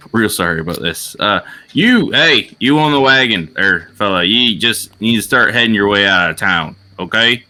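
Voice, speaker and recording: Brief: man playing a low, easygoing fixer type, folksy, ends lines with "eh". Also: sharp tone, heavily acted. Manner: easygoing drawl with "uh" and "eh". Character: calm, folksy man smoothing over trouble.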